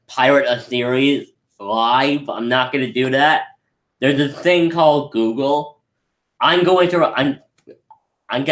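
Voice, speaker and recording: An excitable man gives a casual live review of an anime film, and he keeps restarting his sentences. His voice sits at a middle pitch, and it rings in an echoey room. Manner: rambling, excitable, lots of restarts.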